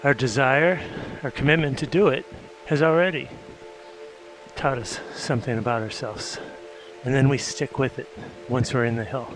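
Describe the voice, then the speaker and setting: A man leading an indoor cycling class, coaching in a calm, reflective way while out of breath from pedaling. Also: medium pitch, moderate pace, low-quality recording. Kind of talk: guided meditative spin class coaching. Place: indoor cycling room with windows. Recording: instructor over loud background music. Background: loud yoga music.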